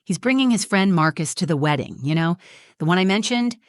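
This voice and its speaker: A condescending young bride-to-be, read by a woman narrator, talking down to her friend in a preachy, self-satisfied way. Her voice sits fairly low for a woman. It sounds dry and close, with no room around it. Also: expressive, fairly quick, no echo, close to an everyday voice. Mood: smug. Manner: preachy, patronizing.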